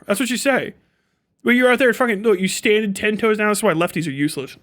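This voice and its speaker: High-voiced man in a profane rant. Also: lively intonation, quick pace, fairly bright tone. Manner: profane, sarcastic, mocking. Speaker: livestreamer. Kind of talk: ranting livestream commentary.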